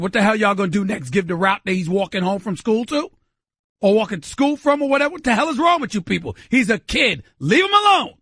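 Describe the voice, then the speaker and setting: A middle-aged New York man hosts a sports talk show, his voice pitched high and bright as he hammers points home in emphatic, repeated bursts. The sound is dry and close, with no room around it. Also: no echo. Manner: emphatic, repetitive, preacher-like bursts. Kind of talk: animated sports talk monologue.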